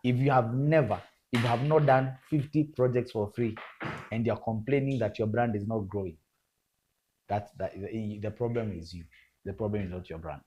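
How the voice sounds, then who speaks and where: A man's voice: lowish voice, fairly even intonation, moderate pace, a little mellow, husky. A man speaking as a guest photographer in a casual interview, emphatic and repetitive, calling the listener bro. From Kenya. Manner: emphatic, repeats words, addresses listener as bro.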